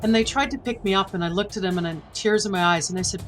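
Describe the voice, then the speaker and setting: A woman's voice: mid-range voice, fast, soft background music, rough recording. A woman in her forties, a podcast guest earnestly recounting a personal story and acting out the dialogue. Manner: earnest, emotional retelling with quoted dialogue.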